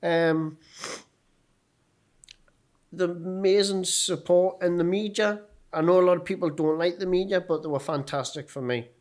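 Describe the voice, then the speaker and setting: A man from the North East of England with a broad Geordie accent, speaking a little higher than most men. He tells his personal story as a podcast guest, blunt and sweary, slipping into the voices of the people he met. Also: unhurried, pauses often.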